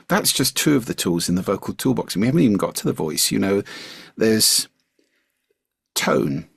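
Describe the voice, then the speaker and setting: An older man, a podcast guest, explaining speaking skills in a measured, articulate way. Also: lowish voice, vocal fry, husky, dry recording, clean studio sound. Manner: measured, articulate, slips into demonstration voices.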